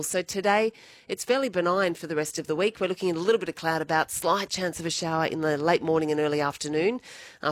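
An Australian woman presenting live breakfast radio, chatty and brisk, reading the weather and introducing stories in a studio. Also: deep voice. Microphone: studio microphone.

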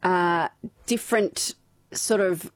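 A woman's voice: lowish voice, takes it slowly, no echo. Australian woman, radio host, chatty, dry close mic. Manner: chatty, reads out listener texts, laughs often. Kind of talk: casual radio chat. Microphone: studio microphone.

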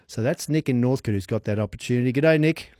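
A man's voice: mid-range voice, a little mellow, no echo, clean studio sound. A man hosting an evening radio quiz, chatting with callers in an upbeat, chummy way. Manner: upbeat, chummy, quick banter. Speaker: radio host. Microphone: studio microphone.

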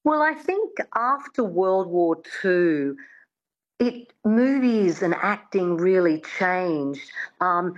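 A woman accent coach, a guest on a radio show, explains things in a measured way with occasional ums. Her voice sits a little low and comes through a dull, lo-fi line. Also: expressive. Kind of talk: radio interview.

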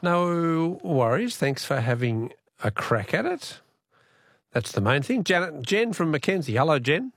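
A man's voice: a little high, very animated, measured pace, fairly bright tone, no room sound, clean studio sound. A middle-aged Australian man hosting a call-in radio quiz, jokey and chatty, laughing often.

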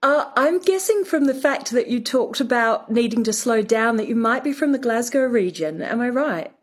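Woman accent expert, measured and explanatory, slightly breathy voice. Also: on the high side, animated. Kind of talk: radio commentary.

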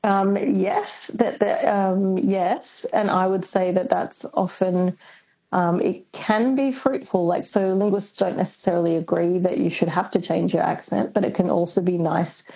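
A woman, a linguist, answering questions on a radio interview in a thoughtful, hesitant way with frequent pauses. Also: on the low side, steady tone, gravelly, mellow, slightly rough, lo-fi sound. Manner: thoughtful, hesitant with many ums. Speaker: linguist guest.

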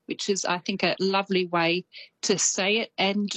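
A woman's voice: medium pitch, moderate pace, no room sound, low-quality recording. A woman from Australia with a slight New Zealand lilt, chatting as a radio correspondent. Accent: Australian with some New Zealand. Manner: chatty, animated, laughs easily.

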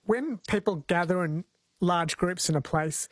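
A man's voice: sits high, measured pace, no echo. A man from New Zealand hosting a radio interview, asking layered, curious questions. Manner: inquisitive, asks layered questions. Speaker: radio host.

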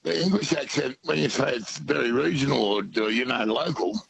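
Gravelly Australian man calling in. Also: mid-range voice, fairly quick, a crowd in the background, poor audio. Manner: folksy, chatty, says mate. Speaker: caller. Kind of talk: casual phone-in chat.

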